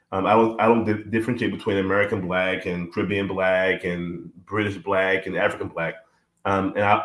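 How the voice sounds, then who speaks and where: Man, low voice, casual discussion, thoughtful, many fillers, echoey room. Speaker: podcast guest.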